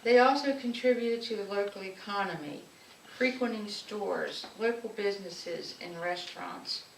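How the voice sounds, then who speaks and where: At a community anniversary event, a woman with a gravelly, medium-pitched voice talks at normal speed, warmly recalling personal memories in speech form. A distant mic captures her in an echoey room with some faint noise.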